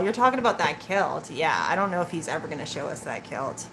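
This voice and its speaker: Woman, tarot reader, live stream, teasing, chatty, somewhat low voice, audible background noise. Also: fast, few pauses. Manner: chatty, teasing, laughs often.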